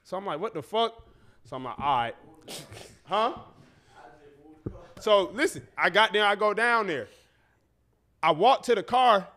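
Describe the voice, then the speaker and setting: A man's voice: sits high, a little slow, long pauses. A man hosting a podcast, telling a story in casual, profane chat and acting out the people in it. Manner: animated, profane, acts out voices in his story. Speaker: podcast host.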